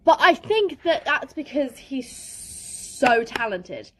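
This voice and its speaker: A woman's voice: sits high, takes it slowly. A woman gushing in a casual interview. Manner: gushing, animated.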